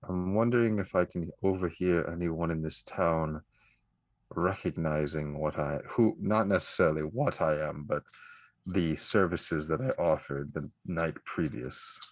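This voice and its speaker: A man's voice: low voice, a little slow, no room sound. A man playing a tabletop game, speaking carefully and correcting himself. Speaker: player. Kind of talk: tabletop role-play.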